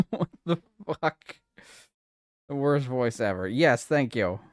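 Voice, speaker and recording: A man's voice: medium pitch, expressive, slow pace, no room sound, clean studio sound. A man streaming live, chatting casually with his viewers, giggling a lot and swearing playfully.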